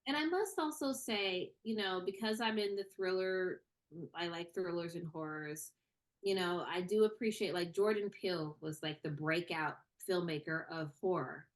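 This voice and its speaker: Casting: young woman guest, casual and animated, lots of "you know". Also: fairly low pitch, normal speed. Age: young adult. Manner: animated, many fillers and repeated starts. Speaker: screenwriter and actor, interview guest. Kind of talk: casual interview conversation.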